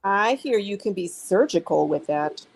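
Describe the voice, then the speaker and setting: Quippy woman, lively pitch. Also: normal speed, creaky, slight background noise. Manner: quippy, short wisecracks. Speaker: player. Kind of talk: casual tabletop game play.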